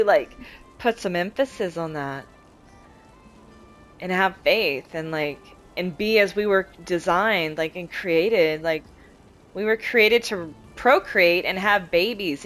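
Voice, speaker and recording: A woman's voice: mid-range voice, fairly bright tone, low-quality recording. A woman streamer chatting casually while playing a game, rambling in a heated, profane way. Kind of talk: casual chat while gaming.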